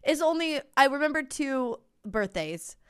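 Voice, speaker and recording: A woman in her thirties chatting casually with a friend, an animated storyteller who laughs often. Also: high-pitched, a little slow. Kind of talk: casual chat.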